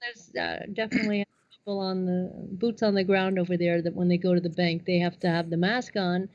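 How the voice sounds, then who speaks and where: A woman's voice: on the low side, no echo. A woman chats casually and tells her stories with animation. Her voice is dry and muffled, as if it comes through dull, lo-fi audio. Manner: quick reactions, laughs along, animated when telling stories. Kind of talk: casual conversation.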